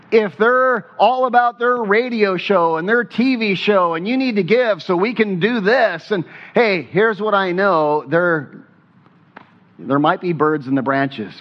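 A male pastor delivering a sermon in a fairly high voice. He preaches with emphasis, uses rhetorical questions and repeats key phrases. The recording sounds dull and lo-fi. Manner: slows down when quoting scripture.

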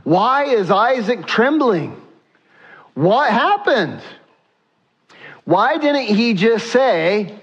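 A male pastor preaching a sermon with a slightly high voice. He talks slowly and emphatically, with many rhetorical questions. The recording sounds dull and lo-fi. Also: breathy edge. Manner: animated, slows down for emphasis, asks rhetorical questions.

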